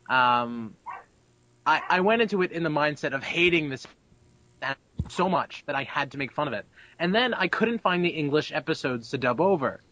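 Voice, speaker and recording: Young male interview guest; brash, chatty, curses a lot, slightly higher pitch, dry sound. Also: bright, forceful tone, no echo. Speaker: abridged-series voice actor, interview guest. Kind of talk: casual interview.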